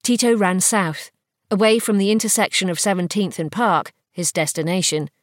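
Female audiobook narrator, mid-pitched, steady and measured, dry booth sound. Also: dry recording. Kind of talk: scripted fiction narration.

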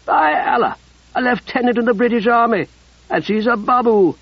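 A man voicing a fierce, sharp-tongued young soldier in an audiobook, with a raised, mocking voice. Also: extremely high pitch, normal speed, husky, no echo, dull audio, pitched above the performer's own voice, full character voice.

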